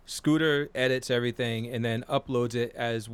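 Podcast co-host, forties, mid-pitched man, loose rambly delivery with lots of fillers and swearing. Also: steady tone, moderate pace, smooth, dry recording. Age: 40s. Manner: rambling, profane, with many fillers. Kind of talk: casual chat.

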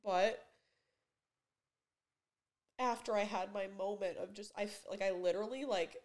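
A woman in her twenties talking in a personal confessional vlog in her bedroom, emotional and halting, with many fillers and restarts. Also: mid-range voice, a little mellow. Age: 20s. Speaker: vlogger. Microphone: camera mic.

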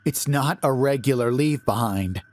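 A man's voice: medium pitch, moderate pace, darkish tone, voice pushed up, lightly acted. A man voicing a tense airport worker who barks out urgent, commanding lines, in a storybook reading. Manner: barking, urgent.

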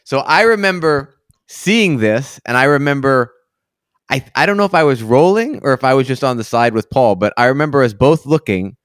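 A man hosting a casual interview, relaxed and slangy, laughing easily. His voice is smooth and clear at a middle pitch. The sound is dry and close. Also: moderate pace, no echo. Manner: laid-back, friendly slang, laughs easily. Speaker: podcast host.

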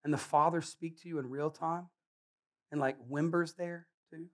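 A man preaching a sermon in a casual, animated way, joking and acting out Bible characters. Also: on the high side, measured pace, long pauses.

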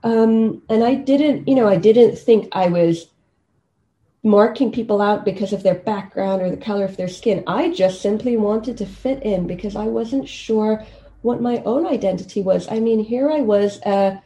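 A woman in her thirties from Kenya, a guest telling childhood stories in a relaxed, reflective way with easy laughter. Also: mid-range voice, moderate pace. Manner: reflective, easygoing, often laughing. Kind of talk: casual storytelling interview.

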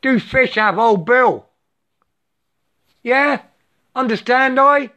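Slow, ranting speaker in clipped broken English. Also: high voice, pushed and bright. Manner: clipped broken English, drops articles, tag questions like "yeah?"; swears often and vents with angry emphasis. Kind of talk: impassioned monologue rant. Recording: dull lo-fi recording.

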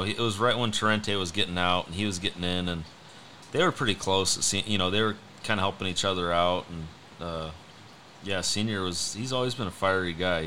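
A man's voice: sits low, pushed and bright, slight background noise, low-quality recording. A man guest telling stories in a casual chat, blunt and matter-of-fact. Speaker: racing guest.

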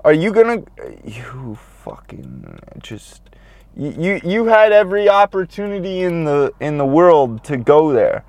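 A man's voice: a little high, huge pitch swings, measured pace, darkish tone. A man in a car chatting casually to his viewers, rambling and swearing, often breaking off mid-sentence. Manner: rambling, profane, self-interrupting. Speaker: vlogger. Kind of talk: casual driving vlog chat. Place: in a car on city streets.

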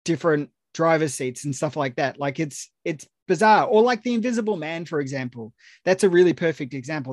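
An enthusiastic man with an Australian accent chats about film on a podcast, full of "you know" and quick asides. His voice sits a little high for a man. The sound is dry and close to the mic. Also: no echo. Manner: enthusiastic, chatty, many fillers. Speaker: film critic and interviewer. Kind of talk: casual podcast conversation.

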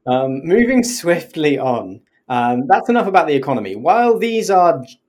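A woman's voice: sits low, very animated, moderate pace, darkish tone. A woman co-hosting a podcast, explaining the rules in casual chat, often laughing and now and then swearing. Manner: chatty, swears, laughs while explaining, puts on silly accents for single words. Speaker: podcast co-host.

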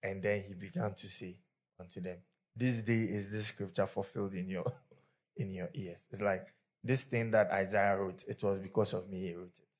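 A man preaches to a congregation in a fairly low voice. He leads call-and-response with the crowd and speaks emphatically, breaking into laughter now and then. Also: fairly even intonation, moderate pace. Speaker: pastor. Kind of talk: sermon. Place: church before a congregation.

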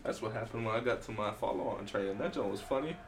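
A man's voice: fairly low pitch, quick pace, reverberant, a little hiss or hum. A young man co-hosting a podcast, telling stories in slangy casual banter and laughing often. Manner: laughing, joking, slangy storytelling. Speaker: podcast co-host.

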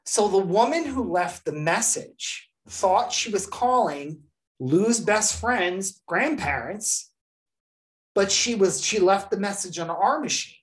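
Woman podcast host, lively pitch, casual storytelling, acts out quotes. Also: slow.

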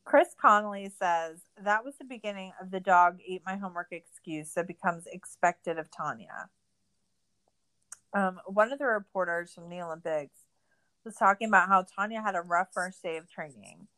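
A woman's voice: lowish voice, normal speed, fairly bright tone. A young woman co-hosting a podcast, ranting in a casual, profane, sarcastic recap. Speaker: podcast co-host.

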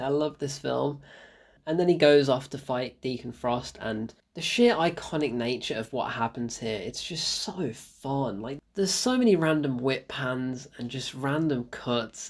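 A man giving a casual film review, excitable, laughing often and repeating himself for emphasis. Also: a little high, moderate pace.

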